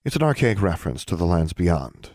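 Brief: male narrator doing a guarded, stern inquisitor, deep and even. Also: fairly quick, no echo, clean studio sound, full character voice. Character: stern, guarded woman official.

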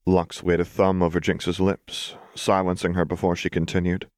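A man reading a story aloud in calm, measured, scripted narration. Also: low voice, no room sound, clean studio sound. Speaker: audiobook reader.

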